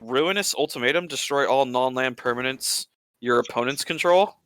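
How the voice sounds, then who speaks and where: Bright, crisp-voiced man in casual chat. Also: mid-range voice, moderate pace, no room sound. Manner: easygoing, asks questions.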